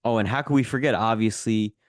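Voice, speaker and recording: A man's voice: lowish voice, a little fast, no room sound, studio quality. A man co-hosting a football podcast, chatting casually and teasing his co-host. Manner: teasing, joking.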